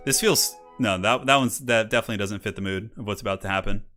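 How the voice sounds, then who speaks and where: A man with a lowish voice and a forceful, bright edge, casting a game tournament live. He talks in a chatty, rambling way and laughs a lot, with classical music playing faintly behind him. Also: brisk. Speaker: tournament stream host and caster. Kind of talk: casual live-stream commentary.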